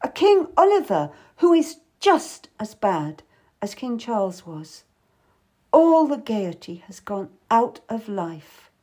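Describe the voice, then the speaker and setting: Woman doing a worldly older-ish court lady, wistful then bitter, breathy, voice swoops around a lot, slow. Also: fairly high pitch, sing-song, warm tone, heavily acted. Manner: wistful and emphatic, with sudden bitterness. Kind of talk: audiobook character voice.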